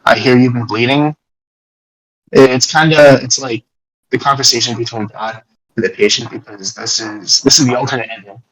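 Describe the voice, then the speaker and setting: A man's voice: mid-range voice, fairly quick, a bit bright, breathy edge, low-quality recording. Rambling young man breaking down an album. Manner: rambling, restarts, jokey. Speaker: podcast host.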